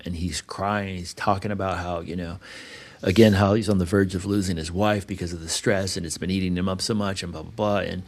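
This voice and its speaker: A middle-aged man hosting a podcast, telling a story in casual talk, swinging from loud bursts to hushed tones and swearing freely. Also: low voice, fairly even intonation, brisk, creaky. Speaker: podcast host.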